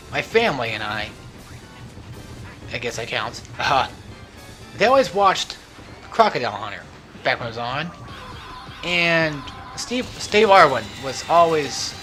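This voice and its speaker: A man's voice: fairly high pitch, bright, forceful tone. A young man rambling through casual gameplay commentary as a let's play host, talkative and self-mocking. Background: faint game music.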